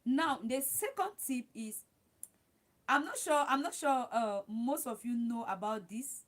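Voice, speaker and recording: A woman's voice: a little high, measured pace. A woman hosting a live stream, giving chatty, repetitive advice and talking straight to her viewers. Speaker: livestream host.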